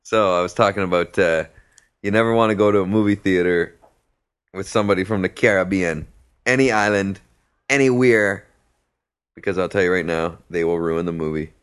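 A man's voice: low voice, moderate pace, smooth. A man co-hosting a podcast, telling funny stories in casual chat and laughing at his own jokes. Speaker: podcast co-host.

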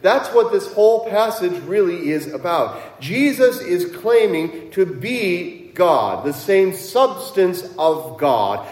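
A male pastor who grew up around Cincinnati, delivering an animated sermon and acting out his opponents' voices. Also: fairly high pitch. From Cincinnati area, US. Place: church sanctuary. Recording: echoey church heard from a distance.

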